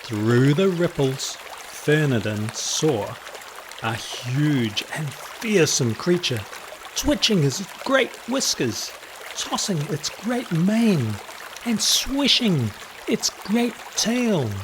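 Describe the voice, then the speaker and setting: A man reading a children's picture book aloud in an expressive, theatrical way. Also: a little high, takes it slowly, background noise. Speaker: storyteller.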